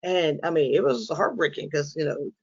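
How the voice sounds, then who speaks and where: A woman addresses an audience in a frank, humorous presenting style, telling stories and acting out what people said. Her delivery is lively and conversational. The recording is dull and lo-fi, like a captured live talk. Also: low voice, normal speed, breathy edge. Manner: lively storyteller who acts out quoted lines. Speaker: inspirational speaker on dementia caregiving.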